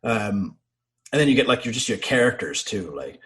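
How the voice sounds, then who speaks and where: A man, a navy sailor guest, telling profane, animated anecdotes in casual conversation. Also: fairly low pitch, normal speed. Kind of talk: casual storytelling.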